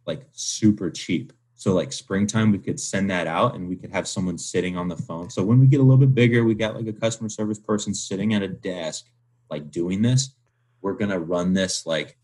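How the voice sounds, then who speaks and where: A man's voice: deep voice, darkish tone. A man in his twenties, a guest on an interview podcast, talking loosely and casually with lots of filler words and little acted-out phone calls. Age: 20s. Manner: loose and chatty, heavy use of "like", acts out phone calls.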